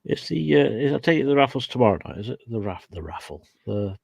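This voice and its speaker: A man's voice: mid-range voice, sing-song, fast talker, vocal fry, darkish tone, husky, no room sound. A man with a Yorkshire accent making dry joking asides in casual chat. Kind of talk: casual chat on a modelling stream.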